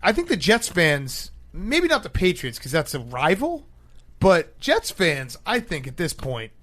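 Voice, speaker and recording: An excitable man co-hosting a podcast, making emphatic calls. His voice swoops lively and sits fairly high. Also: a little slow. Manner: excitable, emphatic, laughs often. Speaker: podcast co-host. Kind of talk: casual chat.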